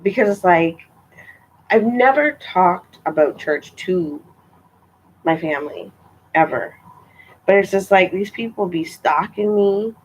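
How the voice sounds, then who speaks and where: A woman's voice: mid-range voice, animated, slow pace, pauses often, breathy edge, muffled recording. A young woman telling a story in a casual vlog, chatty and exasperated, with lots of filler words. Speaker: vlogger.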